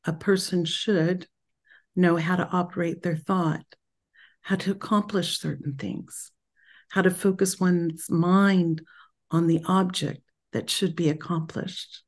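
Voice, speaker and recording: A woman leading her spiritual group in a reflective talk, speaking slowly and meditatively, pausing often and restarting her phrases. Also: fairly low pitch, steady tone. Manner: slow and meditative, with pauses and restarts.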